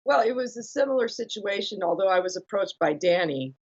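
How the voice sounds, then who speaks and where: A woman's voice: medium pitch, lively intonation, a little fast, a little mellow, breathy edge, highs cut off. A woman, a guest rock musician, chatting casually and filling her talk with "you know" and restarts. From United States. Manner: chatty, many fillers and self-corrections. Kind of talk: casual conversation.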